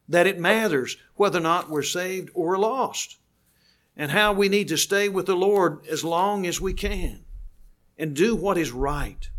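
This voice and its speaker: An older man preaching a sermon, earnest and slowing down to stress key words. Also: fairly high pitch, fairly bright tone.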